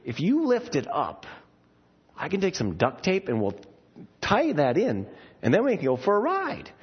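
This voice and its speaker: A man's voice: fairly high pitch, huge pitch swings, normal speed, husky, dull audio, heavily acted. A man acting out an eager, hopeful little boy who pleads in an upbeat way.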